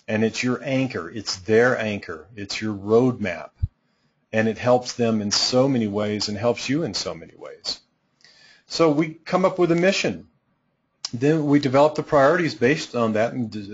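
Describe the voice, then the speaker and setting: A man's voice: mid-range voice, slightly rough. Direct, emphatic man teaching coaches. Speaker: coaching instructor. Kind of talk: training seminar talk. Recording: dull lo-fi sound.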